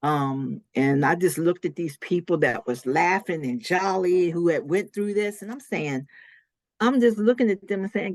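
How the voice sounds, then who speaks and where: A woman's voice: on the low side, moderate pace, no echo, studio quality. Woman telling a painful personal story. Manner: emotional storytelling, acting out quoted voices. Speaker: interview guest. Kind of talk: personal testimony in a faith podcast interview.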